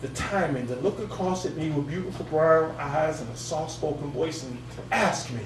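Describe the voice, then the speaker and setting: Baritone poet in an echoey room. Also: male voice, normal speed, few pauses. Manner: rhythmic delivery built on a repeated refrain. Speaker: open mic poet. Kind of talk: spoken word poetry performance. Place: cafe gallery open mic stage. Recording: echoey room, far from the mic, faint hum.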